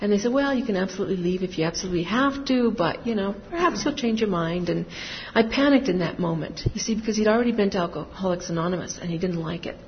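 A woman's voice: mid-range voice, quick pace. A middle-aged woman giving a candid, confessional personal testimony to a group, her emotion swinging as she tells it. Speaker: speaker sharing her recovery story. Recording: distant reverberant hall, dull sound, faint noise.

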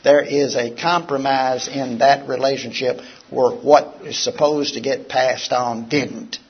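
A man giving a casual, animated talk on recovery to a live audience, telling stories as he explains. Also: mid-range voice, unhurried. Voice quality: gravelly, raspy. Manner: conversational, animated storytelling. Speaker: lecturer on addiction recovery. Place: meeting hall with audience. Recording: dull lo-fi live recording.

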